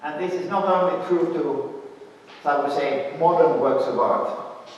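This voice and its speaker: A man's voice: a little high, slight background noise. Man lecturing from afar in an echoey hall. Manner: measured, explaining in short phrases. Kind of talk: academic lecture. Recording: echoey hall, distant and muffled.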